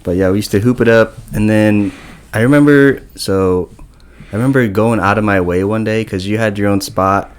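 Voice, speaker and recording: A man hosting a casual podcast, relaxed and laughing easily, who also beatboxes and tries a freestyle. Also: fairly low pitch, moderate pace, clear, resonant tone. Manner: relaxed, laughs, restarts his own freestyle. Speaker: podcast host.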